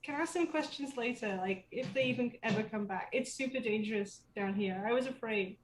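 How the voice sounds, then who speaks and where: A woman's voice: fairly high pitch, fairly quick, reverberant, noisy background, pitched above the performer's own voice, lightly acted. A woman voicing a timid, frightened little girl in a tabletop game. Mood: pleading. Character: scared little girl Bree, timid and pleading.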